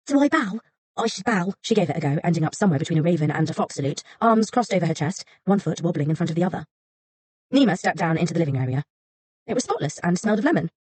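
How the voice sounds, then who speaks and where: Woman audiobook narrator, measured and softly breathy, lower pitch. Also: dry recording. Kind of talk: scripted narration.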